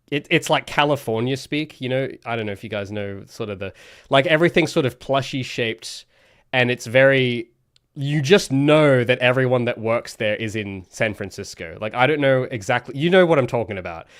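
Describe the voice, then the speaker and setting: A man's voice: mid-range voice, no room sound. Rambling man on a dry mic. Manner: rambling, self-interrupting, ranty. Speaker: solo game developer streaming. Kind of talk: casual livestream chat.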